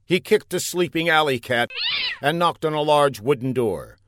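A man narrating a comic adventure story in a deadpan, playful way. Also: fairly high pitch, normal speed, a little hiss or hum.

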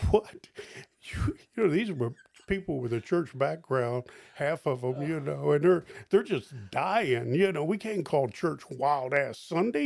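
An older pastor with a heavily gravelly, fry-laden voice tells stories in an interview. He speaks a touch higher than most men and leaps up in pitch whenever he quotes someone. The sound is close and dry. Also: no echo. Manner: animated storyteller, jumps high for quoted lines. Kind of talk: storytelling interview.

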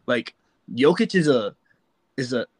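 A man's voice: mid-range voice, animated, measured pace, a little mellow, slightly rough, no room sound, rough recording. A man joining a casual basketball debate, talking in a loose, slangy way full of "like" and the odd curse word.

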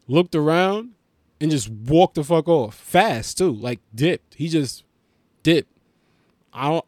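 Podcast host, male, Haitian-born comedian, loose, profane storytelling, voice sits a bit high, dry close sound. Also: dry recording. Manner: profane, animated, acts out other people's voices. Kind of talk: casual storytelling rant.

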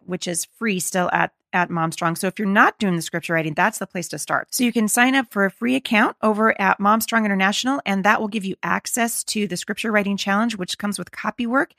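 A middle-aged woman hosting a faith-based podcast, slightly hoarse and gravelly, talking in an earnest, encouraging, conversational way. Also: medium pitch, fairly quick, fairly bright tone, dry recording, clean studio sound. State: slightly hoarse, losing her voice. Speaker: podcast host.

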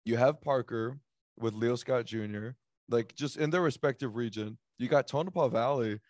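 A man's voice: mid-range voice, normal speed, darkish tone, no room sound. A man hosting a casual sports chat, joking and rambling with lots of fillers as he runs through picks. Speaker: sports podcast host.

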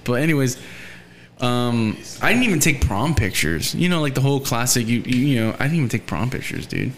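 A man's voice: mid-range voice, lively intonation, fairly quick, a bit bright, slight background noise. A young man in casual talk, telling a rambling story and acting out the voices of the people in it.

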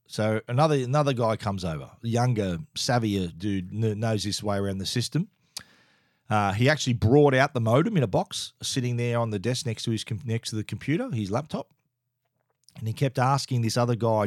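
A man's voice: mid-range voice, normal speed, dry recording, clean studio sound. A middle-aged Australian man telling a story in a casual, exasperated and emphatic way, with frequent restarts.

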